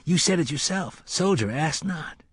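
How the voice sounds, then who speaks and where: A man narrating voices a weary, grim male cook who speaks gruffly and tiredly. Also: on the high side, animated, moderate pace, no echo, studio quality, voice pushed up.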